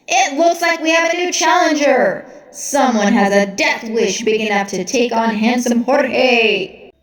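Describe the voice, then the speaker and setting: Woman doing a male ring announcer, bellowing, slow drawn-out hype, high, loud. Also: very echoey, far from the mic, lightly acted. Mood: hyped. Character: overexcited male wrestling announcer.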